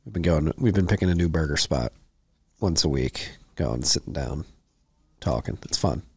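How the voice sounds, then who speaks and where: Young man, low husky voice, lively pitch, dry sound, casual host chat. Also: moderate pace, no echo. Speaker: podcast host.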